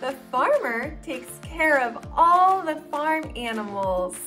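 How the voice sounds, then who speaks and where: A young woman hosting a children's learning video, talking in a slow, exaggerated, encouraging sing-song for toddlers. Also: high-pitched, big pitch swings, bright, forceful tone, faint music behind. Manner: exaggerated, encouraging, drawn-out words. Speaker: children's educational video host.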